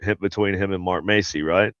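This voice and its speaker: Low-voiced man hosting a casual chat. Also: fairly even intonation, fairly quick, a bit bright, clear, resonant tone, no room sound, dull audio. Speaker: podcast host.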